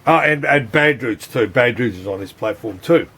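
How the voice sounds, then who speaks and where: A man's voice: mid-range voice, expressive, moderate pace, a bit bright, a little hiss or hum. An Australian man who repairs arcade boards, chatting casually and rambling, swearing freely and calling the viewer mate. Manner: rambling, swears often, keeps saying "mate". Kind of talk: casual unscripted video chat.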